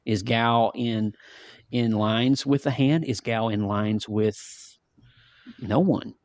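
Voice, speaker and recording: A man's voice: fairly low pitch, takes it slowly, no echo. A man hosting a podcast, chatting casually and ranting animatedly, with frequent restarts. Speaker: podcast host. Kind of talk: casual review chat.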